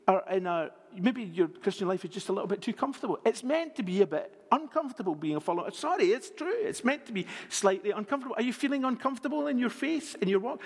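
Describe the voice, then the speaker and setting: A man with a high voice preaches a sermon to his congregation. He is expressive, and his voice sinks to a hush on the words he wants to land. His voice rings out with the long reverb of a church hall. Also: slightly rough.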